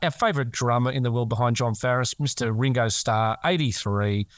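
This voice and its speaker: A man's voice: medium pitch, a little fast, no echo. A man with an Australian accent co-hosting a podcast, chatty and jokey, laughing often. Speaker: podcast co-host. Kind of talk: casual chat.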